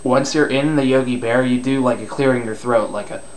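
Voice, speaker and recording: A man's voice: medium pitch, brisk. Rambling man giving a casual vocal lesson. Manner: loose, rambling and self-deprecating, with crude slang. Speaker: vocal screaming tutor. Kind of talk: casual spoken tutorial.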